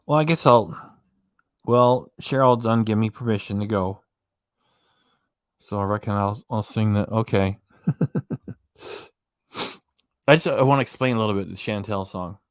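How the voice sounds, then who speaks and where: A man's voice: on the low side, unhurried, pauses often, dry recording, clean studio sound. Folksy man chatting with viewers. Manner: reads viewer comments aloud and answers them, folksy and joking. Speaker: livestream host. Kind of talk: casual late-night livestream chat. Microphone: desk microphone.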